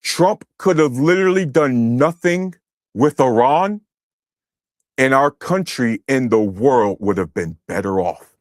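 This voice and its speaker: A young man streaming to his chat, ranting in a heated, profane way and often shouting. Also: medium pitch, lively intonation, a little slow, no echo, clean studio sound. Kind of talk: heated political livestream rant.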